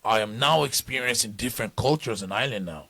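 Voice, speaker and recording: A man's voice: mid-range voice, fast, vocal fry, sharp tone, slightly rough. A middle-aged man from Nigeria, a podcast guest telling stories in rambling casual talk, full of restarts. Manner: rambling storytelling with many restarts.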